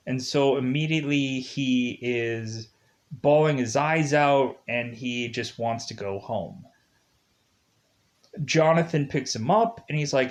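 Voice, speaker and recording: A man giving a casual spoken movie review, rambling and animated, with lots of filler words. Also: medium pitch, takes it slowly. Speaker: film reviewer.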